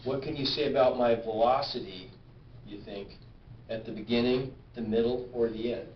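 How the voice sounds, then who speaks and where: A man's voice: mid-range voice, fairly even intonation, moderate pace, a little hiss or hum. A male physics teacher lecturing a class, often asking questions and checking that students follow. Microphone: camera at a distance. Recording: roomy, distant, dull camera sound.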